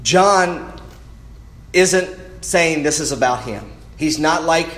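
A man's voice: a little high, lively intonation, slow, fairly bright tone. A man preaching a sermon in an earnest way, often restarting words as he goes. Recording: roomy echo.

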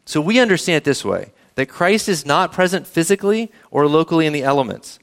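Preaching man, slightly high voice. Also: big pitch swings, a little fast. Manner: conversational preaching with questions to the congregation. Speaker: pastor. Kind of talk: sermon.

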